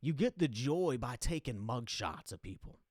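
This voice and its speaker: A man's voice: mid-range voice, normal speed, no room sound, clean studio sound. Laid-back man telling a funny story. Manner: laid-back, rambling, animated when recounting. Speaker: comedy podcast host. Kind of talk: casual comedic storytelling monologue.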